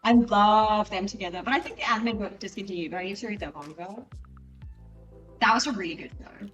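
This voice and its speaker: A young woman chatting casually with her stream while studying, animated, swearing freely and jumping between tangents. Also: medium pitch, fairly quick, distant mic, lo-fi sound. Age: young adult. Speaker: student streamer. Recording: voice a bit off mic, with music behind.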